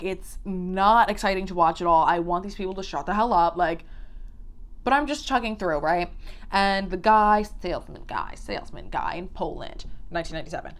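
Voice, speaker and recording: Blunt, profane woman commentator. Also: lowish voice. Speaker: YouTube commentator. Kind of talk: casual reaction commentary.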